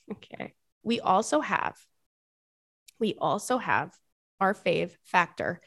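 Chatty young woman podcast host, dry close mic. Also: no echo. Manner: animated, bursts into high laughter and squeals. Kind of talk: casual podcast chat with ad reads.

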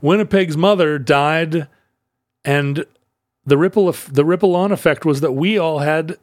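A man's voice: a little high, unhurried, no room sound, studio quality. A man co-hosting a podcast in casual, jokey chat, laughing often. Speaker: podcast co-host.

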